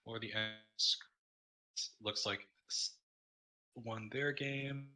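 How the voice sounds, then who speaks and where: A man's voice: mid-range voice, steady tone, bright, forceful tone. Tired man closing a tournament stream. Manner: tired, halting, many fillers. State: tired, yawning. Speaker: tournament caster. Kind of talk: casual livestream wrap-up.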